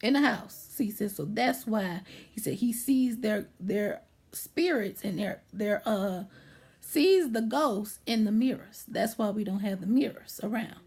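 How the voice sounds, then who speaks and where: A woman's voice: mid-range voice, expressive, unhurried, vocal fry, a little mellow, breathy edge. A woman vlogger animatedly retelling a movie plot, checking in with her listener as she goes.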